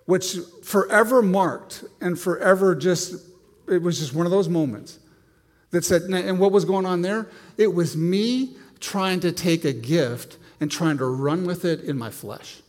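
Rich: A man with a fairly high voice preaches a sermon. He tells self-deprecating stories and often restarts his sentences. His voice carries a long reverb, as if he is speaking in a large church. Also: a little slow.

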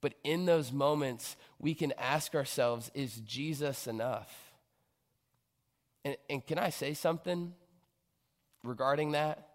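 A man's voice: medium pitch, slow, pauses often. Earnest male preacher in a reverberant hall. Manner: earnest, building to emphatic bursts. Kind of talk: sermon. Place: church stage.

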